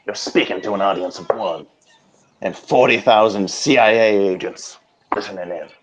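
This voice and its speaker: A man riffing in a grandiose, preacher-like comedic oration, drifting from hushed whispers to loud declaiming. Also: lowish voice, normal speed, slightly rough, poor audio. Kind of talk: improvised comedic mock oration.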